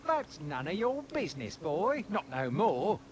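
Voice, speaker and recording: An actor playing a gruff middle-aged male sewer thief guard with a British accent and rough folksy speech, in game voice acting. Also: fairly high pitch, sing-song, a little slow, heavily acted. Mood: gruff warning. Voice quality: rough folksy dialect, calls people lad.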